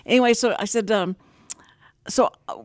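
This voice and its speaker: A woman hosting a talk radio show, telling personal stories in a rambling, animated way. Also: on the high side, moderate pace, no room sound, studio quality. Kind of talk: casual talk radio chat.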